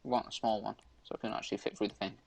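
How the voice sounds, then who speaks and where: A man's voice: on the low side, level tone, very fast, creaky, slight background noise, poor audio. A young man chatting casually while gaming, reading urban legends aloud and stumbling over hard words. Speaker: podcast co-host.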